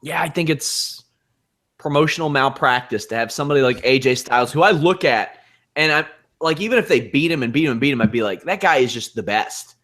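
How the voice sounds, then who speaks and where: A man co-hosting a casual wrestling podcast, animated and teasing, cracking jokes as he recaps the show. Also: on the high side, fairly quick. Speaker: podcast co-host.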